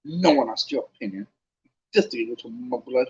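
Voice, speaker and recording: A man's voice: medium pitch, animated, a little fast, a little mellow, muffled recording, close to an everyday voice. A man voicing a smug, sneering schoolboy rival with a drawling, boastful manner. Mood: spiteful.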